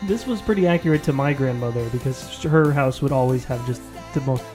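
A man in a casual podcast chat, wry and quick with jokes, sometimes ranting in exasperation. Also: mid-range voice, darkish tone, soft background music.

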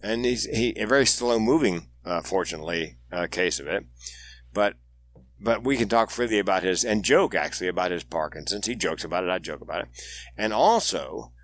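A man's voice: deep voice, expressive, a little fast, a bit bright. A man speaking as a guest on an interview podcast, telling candid stories with dry humor. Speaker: guest, suicide prevention speaker.

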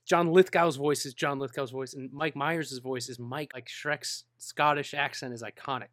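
A man's voice: medium pitch, steady tone, moderate pace, a bit bright, dry recording, clean studio sound. A man in a casual movie discussion, earnest and opinionated, talking in long stretches.

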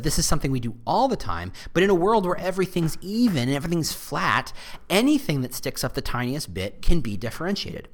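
A man hosting a podcast, explaining ideas in casual, conversational talk with lots of asides. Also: medium pitch. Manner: animated, conversational marketing explainer. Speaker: podcast host.

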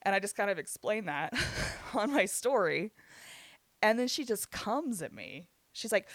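A man's voice: high voice, sing-song, a little slow, a bit bright, dry recording. A man in his twenties telling a heated story in casual chat, swearing freely and laughing between lines. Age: 20s.

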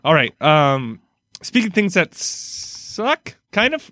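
A man's voice: a little high, sing-song, takes it slowly, pushed and bright, no echo, studio quality. A middle-aged man co-hosting a casual sports podcast, rambling and laughing often as he vents his frustration.

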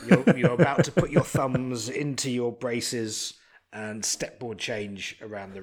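A man's voice: mid-range voice, fairly even intonation, unhurried. A man co-hosting a casual film podcast, rambling and restarting sentences as he talks, often breaking into chuckles.

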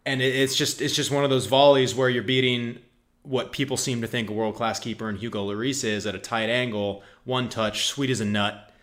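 A man's voice: medium pitch, fairly even intonation, a little fast, a bit bright. A man co-hosting a casual football podcast, delivering dry, sarcastic, mock-serious takes. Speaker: podcast co-host.

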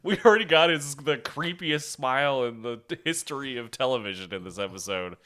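A man's voice: mid-range voice, a little fast, pushed and bright. A man co-hosting a pop culture podcast in casual chat, joking and laughing often. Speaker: podcast co-host.

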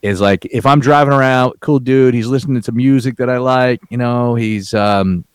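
A man's voice: mid-range voice, moderate pace, smooth, no room sound. A man telling a rambling, profanity-laced work story in casual chat, with frequent restarts.

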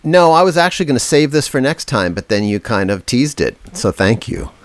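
A man co-hosting a comedy podcast, setting up jokes in a wry way and stammering when he gets excited. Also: medium pitch, a little fast, slight background noise. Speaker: podcast co-host. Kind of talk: comedic casual chat.

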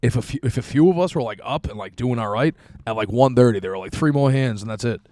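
A man's voice: medium pitch, fast, warm tone, no echo, clean studio sound. A young man telling a long story in casual chat, rambling and profane with lots of fillers.

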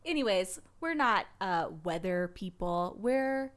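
Casting note: young woman, casual podcast co-host, rambly and filler-heavy, mid-pitched. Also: animated, slow. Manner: chatty, rambling, lots of "like" fillers. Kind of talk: casual chat.

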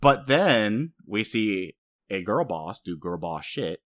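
Animated, swearing young man. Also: fairly low pitch, slow. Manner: animated, profane, laughs often. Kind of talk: casual anime recap chat.

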